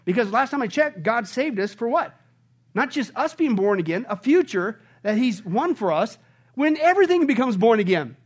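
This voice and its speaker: A male pastor preaching a sermon, animated, swinging between bursts of shouted excitement and hushed asides. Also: very high-pitched, fairly quick.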